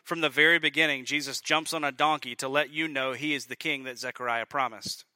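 A male pastor preaching a sermon, emphatic, building to loud peaks and dropping to quiet lines. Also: mid-range voice, fairly even intonation, a little fast, dry recording.

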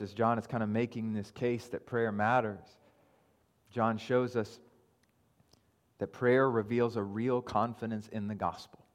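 A man preaching a sermon as pastor, teaching calmly and then building to raised, insistent emphasis, often repeating and restarting phrases for weight. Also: on the low side. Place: church sanctuary. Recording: long hall reverb.

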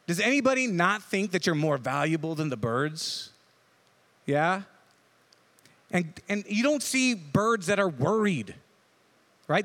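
A pastor with a notably high voice gives a relaxed, conversational sermon, often tagging his points with a quick "right?". His voice rings out with a long reverb tail, as if heard across a large hall. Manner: casual, checks in with frequent "right?".

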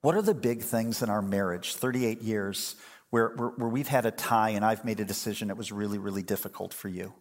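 A man's voice: fairly low pitch, brisk. Older male pastor, conversational and wry, preaching in a church with long hall reverb. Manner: conversational, humorous storytelling. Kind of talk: sermon.

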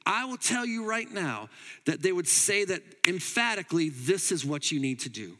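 A man preaching a sermon as pastor, emphatic, moving between loud urging and quiet asides. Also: high voice, sing-song, moderate pace, in a large hall. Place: church hall.

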